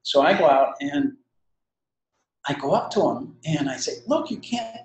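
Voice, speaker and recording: A man's voice: a little high, normal speed. An older man, a retiring co-founder, telling long self-deprecating anecdotes in an interview. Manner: rambling, self-deprecating storyteller. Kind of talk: anecdotal storytelling in conversation. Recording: roomy echo.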